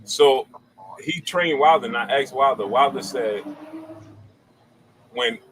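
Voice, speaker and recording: Male interviewer, animated storyteller, mid pitch, slight noise. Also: slow, low-quality recording. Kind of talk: casual interview.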